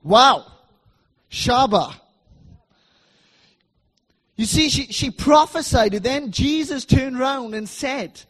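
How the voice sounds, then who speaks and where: Husky high-voiced man preaching a sermon. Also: lively intonation, slow, long pauses. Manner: emphatic and repetitive, swinging between loud and soft.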